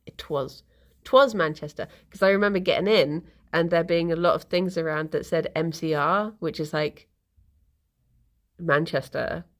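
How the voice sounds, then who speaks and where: A woman's voice: sits low, normal speed. A young woman streaming, chatting casually with viewers in a rambling, giggly, sleepy way. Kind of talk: relaxed casual stream chat, reading chat.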